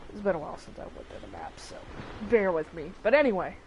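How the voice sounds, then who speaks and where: Southern lady doing gaming commentary, chatty and gushing, middle pitch. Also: animated, fast talker, darkish tone, slight background noise, low-quality recording. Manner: chatty, effusive. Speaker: let's play host.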